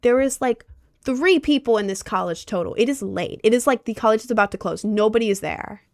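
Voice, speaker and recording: A woman's voice: fairly high pitch, a little fast, darkish tone, dry recording, studio quality. A woman in her twenties telling a personal story in a casual, rambling way with lots of filler words.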